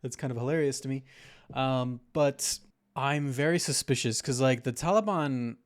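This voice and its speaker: A man's voice: medium pitch, moderate pace. A man hosting a podcast, chatting casually and rambling through theories with lots of hedging. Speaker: podcast host. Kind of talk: casual conspiracy-minded chat.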